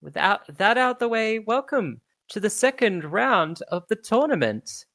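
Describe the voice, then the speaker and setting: A woman voicing a pompous male tournament announcer who tries to calm a rowdy crowd. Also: mid-range voice, a little slow, dry recording, pitched above the performer's own voice. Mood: grandiose. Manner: fussy, placating, announcer's flourish.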